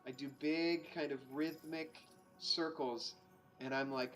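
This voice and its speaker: A man with a slightly raised pitch, joking his way through an online tabletop game. He hesitates and restarts his sentences, and he sounds like he is sitting at home on a call. Soft music plays faintly behind him. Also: fairly even intonation, takes it slowly. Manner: playful, hesitant, many restarts. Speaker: player. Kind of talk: casual tabletop role-play.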